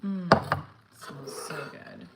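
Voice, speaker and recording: A woman's voice: drawn-out words, very noisy. A woman in her thirties chatting casually to viewers in a home kitchen while making coffee, rambling and talking as she works. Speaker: vlogger. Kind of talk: casual livestream chat.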